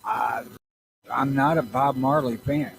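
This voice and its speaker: A man's voice: medium pitch, slow, gravelly, rough recording. A man co-hosting a podcast in casual chat, blunt and grumpy, swearing freely. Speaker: podcast co-host. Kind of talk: casual profane banter.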